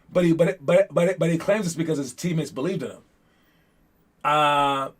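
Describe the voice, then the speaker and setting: A young man coaching young basketball players in a casual, rambling motivational talk full of fillers and restarts. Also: on the high side.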